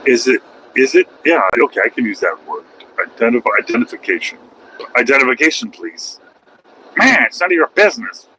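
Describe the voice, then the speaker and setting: A man's voice: medium pitch, big pitch swings, fairly quick, sharp tone, slight background noise, poor audio. A man, a truck driver vlogging from his cab, talking in a rambling, opinionated way with wry asides. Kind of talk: casual rambling monologue.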